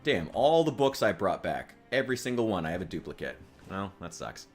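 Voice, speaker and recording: A man's voice: sits low, sing-song, fairly quick, soft background music. A man from the United States chatting casually while streaming a game, rambling and swearing with a wry edge. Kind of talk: casual gaming stream chat.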